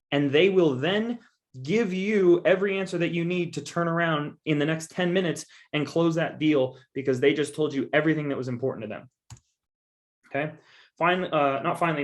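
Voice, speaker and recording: A man giving a coaching presentation on investing, talking to his audience in an emphatic, persuasive and casual way. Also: on the high side. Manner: emphatic and persuasive, with frequent repeated assurances; casual, addresses listeners directly as "guys". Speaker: guest speaker on real estate investing.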